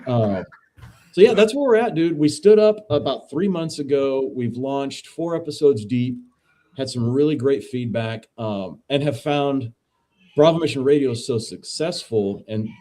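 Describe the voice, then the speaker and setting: A man, a veteran and podcast co-host, casually telling a story as a guest in a relaxed, profane, dude-heavy way. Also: mid-range voice, normal speed. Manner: laid-back, profane, says dude a lot.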